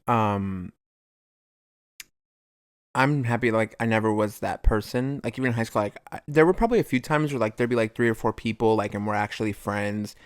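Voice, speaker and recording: A man's voice: lowish voice, fairly quick, clean tone, no echo. Young man chatting loosely on a dry mic. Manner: loose, filler-heavy, acts out quoted people. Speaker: podcast co-host. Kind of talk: casual chat.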